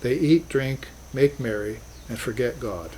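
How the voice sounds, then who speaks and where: A man's voice: medium pitch, animated, a little slow, a little mellow, slight background noise, poor audio. A man teaching a class on spiritual philosophy, talking in an earnest, reflective way with emphatic bursts. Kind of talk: recorded class lecture.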